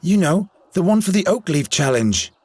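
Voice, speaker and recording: An actor playing an earnest, defensive young outcast in a video game. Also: male voice, sits high, big pitch swings, normal speed, darkish tone, slightly rough, no echo, exaggerated voice. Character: earnest young male outcast, stubborn dreamer.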